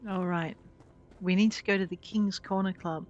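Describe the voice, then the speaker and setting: A woman's voice: mid-range voice, steady tone, moderate pace, muffled recording, soft background music. A woman giving casual, chatty commentary while playing a video game and talking to its characters. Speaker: gameplay streamer.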